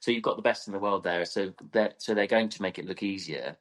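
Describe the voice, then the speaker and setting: A man's voice: low voice, fast, fairly bright tone. A man co-hosting a podcast, enthusiastic and gushing as he chats. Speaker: podcast co-host, event rider. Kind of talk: casual chat.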